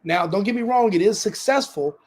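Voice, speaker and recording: Casting note: male podcast host with a high voice, angry commentary, repetitive demanding rant. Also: lively intonation, fairly quick. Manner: ranting, repetitive demands, swearing. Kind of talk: heated political commentary.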